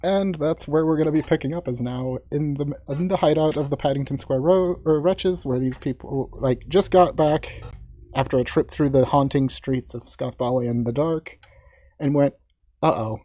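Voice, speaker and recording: A man's voice: on the high side, moderate pace, dark tone. A man as dungeon master, giving a loose, chatty recap of the last session to a streamed tabletop group. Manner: chatty, loose, with fillers and asides. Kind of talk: casual recap on a game stream.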